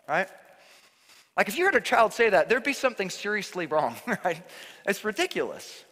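A man's voice: sits high, very animated, moderate pace, pushed and bright. A man preaching a sermon as pastor, earnest and emphatic, often repeating himself for emphasis. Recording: long hall reverb.

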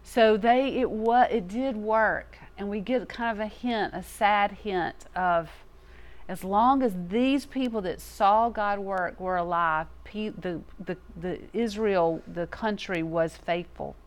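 A woman teaches from scripture in a relaxed, conversational way, with a mid-range voice. She talks in a folksy, plainspoken style and lets her delivery liven up as she explains. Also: mid-range voice, takes it slowly. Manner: folksy, animated, casual turns of phrase. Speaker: Bible teacher.

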